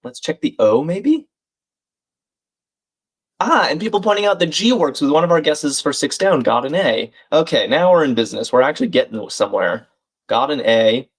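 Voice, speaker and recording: His voice on the higher side, with lively intonation at normal speed, a man hosts a live crossword stream. He solves while thinking aloud, reading clues and viewer names, and chatting warmly with his audience.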